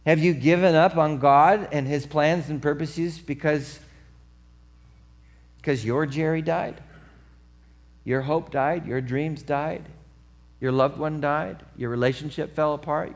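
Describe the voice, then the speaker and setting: A man preaching a sermon as pastor, telling a story with lively acted-out voices, then turning quiet and earnest. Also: a little high, a little slow. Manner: animated storytelling, acts out voices; drops to soft earnest tone for the appeal.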